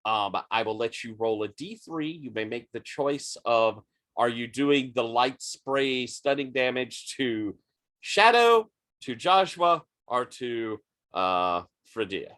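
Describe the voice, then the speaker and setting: A man narrating as game master of a tabletop game, unhurried, with frequent ums and uhs. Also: medium pitch, animated, fairly bright tone.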